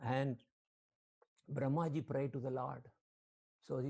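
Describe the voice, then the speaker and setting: A man's voice: medium pitch, expressive, normal speed, long pauses, warm tone, husky. A man, a spiritual teacher, giving an online sermon over a video call, quoting Sanskrit verses and questioning his listeners.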